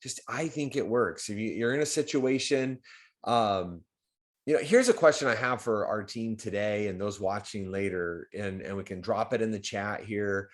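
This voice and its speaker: Man with a slightly low voice hosting a live stream; loose, conversational, jumps up in energy on key points. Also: moderate pace. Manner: conversational, repetitive restarts, animated swings in loudness. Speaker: host of a live community stream. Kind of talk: casual livestream talk.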